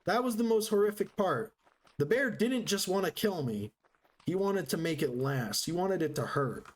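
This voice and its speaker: A man's voice: high voice, animated, normal speed. A man streaming a game live, chatting casually with his viewers in a joking, sarcastic, rambling way. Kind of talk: casual live-stream chat while gaming.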